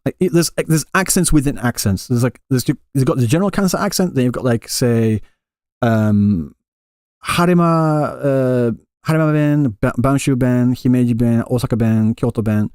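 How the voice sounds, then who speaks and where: A male streamer in Japan's Kansai area rambles through casual chat, answering his live chat with many restarts in a conversational way. His medium-pitched voice moves at normal speed and is a little mellow, recorded dry and close with no echo.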